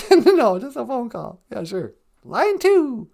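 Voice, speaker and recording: Squeaky high little sidekick voice, chirpy and teasing. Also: male voice, very animated, slow, creaky, a little mellow, exaggerated voice.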